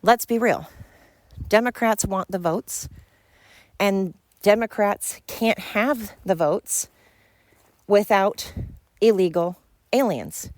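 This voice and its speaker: A woman's voice: medium pitch, takes it slowly, pauses often, darkish tone, no echo. A woman hosting a podcast, ranting bluntly and fired up, swearing freely. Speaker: podcast host. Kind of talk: opinionated podcast rant.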